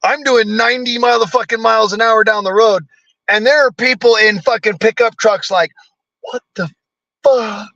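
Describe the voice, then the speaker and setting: A high-pitched American man with a bright, forceful voice, ranting about politics with nonstop cursing. His delivery is blunt and combative. The sound is dry and close, with no room around it. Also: steady tone, fairly quick, dry recording, lo-fi sound. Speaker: vlogger. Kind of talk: profane political rant.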